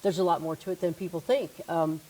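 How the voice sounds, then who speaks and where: A middle-aged woman with a lowish voice speaks candidly. She is self-deprecating and relaxed in conversation. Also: quick pace, poor audio. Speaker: studio partner, Air Force veteran. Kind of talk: casual conversation.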